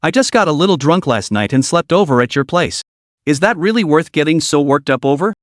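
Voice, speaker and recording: A man voicing a young man in a storybook who sounds defensive and pleading. The voice sits fairly high with lively swings in pitch, and the recording is close and dry. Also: a little fast, dry recording, lightly acted.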